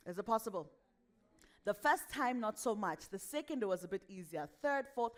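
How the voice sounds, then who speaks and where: A young adult woman with a West African accent leads a lively workshop on voice and speaking. She talks with energy and laughs often. She acts out the voices of the people she quotes. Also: medium pitch, normal speed. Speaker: voice and speaking coach.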